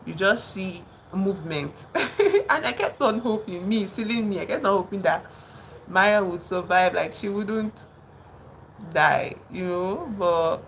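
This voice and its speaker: A woman's voice: fairly low pitch, measured pace, fairly bright tone, slight background noise, low-quality recording. A woman vlogger retelling a film in a chatty, rambling way while doing her makeup. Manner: chatty, rambling, peppered with "you know" and "like". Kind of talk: casual storytelling chat.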